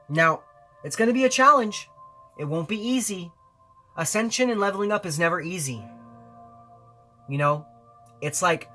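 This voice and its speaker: A man with a fairly high-pitched voice gives a weekly tarot reading straight to the listener. He speaks in an earnest, encouraging way and leans on repetition to drive his points home. Soft music plays faintly beneath him. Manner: earnest, encouraging, repeats phrases for emphasis. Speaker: tarot reader.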